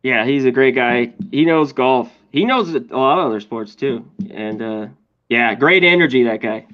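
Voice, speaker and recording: A laid-back man co-hosts a sports radio chat and gives golf advice. His voice sits at an everyday middle pitch. It comes through a slightly dull, lo-fi connection. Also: normal speed. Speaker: co-host and golf analyst.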